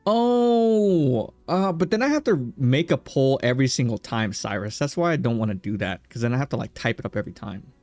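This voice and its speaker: A man's voice: medium pitch, expressive, fast talker, few pauses, darkish tone, no room sound. A man streaming a visual novel game, joking around and chatting with his viewers and the characters. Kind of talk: casual let's-play chat.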